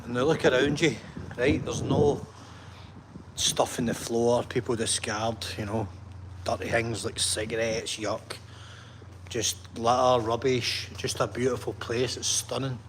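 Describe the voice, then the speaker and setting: A man's voice: medium pitch, fairly even intonation, unhurried, background noise. Chatty man vlogging outdoors. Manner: chatty, enthusiastic, keeps asking "right?". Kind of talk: walking vlog talk to camera.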